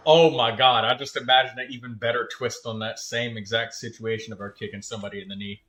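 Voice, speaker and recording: A man's voice: medium pitch, steady tone, quick pace, fairly bright tone. A man streaming a game, chatting casually, swearing and laughing at his own jokes. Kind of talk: casual gameplay commentary.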